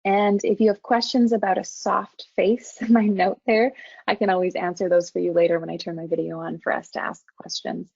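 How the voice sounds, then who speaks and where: A woman counseling instructor delivers an online training lecture in a calm, measured, gentle way. Her voice is mellow and a little raspy, with frequent vocal fry. The audio is dry and dull, with the lo-fi sound of a webinar recording. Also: medium pitch, no room sound. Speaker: university counseling faculty presenting a webinar.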